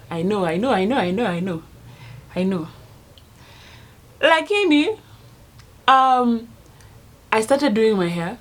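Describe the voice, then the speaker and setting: A woman's voice: medium pitch, lively intonation, unhurried, long pauses. A young woman with a Kenyan accent, chatting casually in a rambling storytelling vlog and laughing at herself. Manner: drops to a hushed voice at times. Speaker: vlogger.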